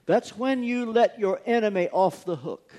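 A man's voice: sits high, normal speed, darkish tone. A man preaching a sermon, telling a personal story earnestly and stressing key words through repetition. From United States.

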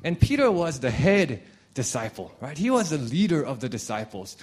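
Lively, expressive male pastor preaching. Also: medium pitch, normal speed. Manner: conversational, restarts, reads scripture aloud. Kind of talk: sermon.

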